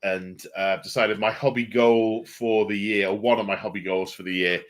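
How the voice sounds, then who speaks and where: A man's voice: fairly low pitch, steady tone, normal speed. A man hosting a casual hobby livestream, rambling and self-mocking with lots of fillers. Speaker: hobby channel host.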